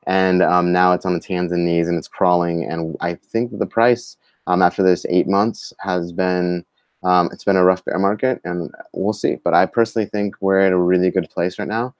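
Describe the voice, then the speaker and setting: A man co-hosting a live-streamed talk show, speaking in a halting way with many fillers and restarts. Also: low-pitched, fairly even intonation, smooth, no echo. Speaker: co-host. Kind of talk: live-streamed casual discussion.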